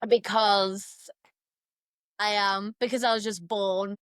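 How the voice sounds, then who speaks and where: A woman's voice: mid-range voice, flat delivery, takes it slowly, a bit bright, clean tone, dry recording, clean studio sound. A woman hosting a podcast, chatting casually with slangy, frank phrasing. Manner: casual, slangy, laughs easily. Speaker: podcast host. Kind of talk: casual chat.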